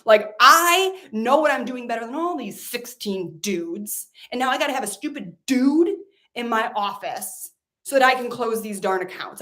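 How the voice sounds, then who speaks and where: A woman's voice: a little high, fairly bright tone. Blunt, emphatic woman business coach. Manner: emphatic, blunt, frequent "like" and swearing. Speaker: business coach and podcast host. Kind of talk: motivational business talk.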